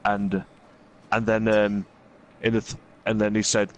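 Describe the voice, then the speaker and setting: Guy with a lowish voice rambling thru a story while gaming, lots of um and he's like. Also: little pitch movement, takes it slowly. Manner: rambling, full of fillers and "he's like" asides. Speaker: gaming video host. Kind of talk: casual storytelling while playing a game.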